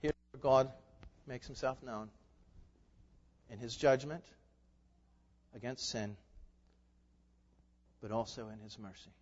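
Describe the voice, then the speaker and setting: A man preaching a sermon as pastor, emphatic, asking rhetorical questions and swinging between loud declarations and hushed asides. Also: medium pitch, slow, long pauses. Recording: echoey hall, dull lo-fi sound.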